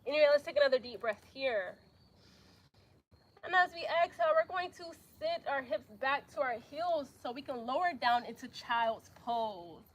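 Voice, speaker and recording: Young woman, high voice, a little out of breath, calm yoga cues, casual asides. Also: normal speed. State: slightly out of breath. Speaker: yoga instructor. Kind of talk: live yoga class instruction.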